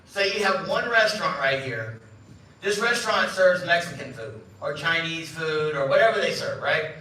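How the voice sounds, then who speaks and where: A middle-aged man addresses a live audience in a big, echoey room, caught from some distance away. His voice sits a little high and sounds bright and forceful. He keeps it light with jokes and runs stories by playing out the voices of the people in them. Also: animated, normal speed. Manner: joking, storytelling, acts out quoted voices. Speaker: company CEO giving a talk. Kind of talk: live event speech. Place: large event room. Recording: echoey room, speaker far from mic.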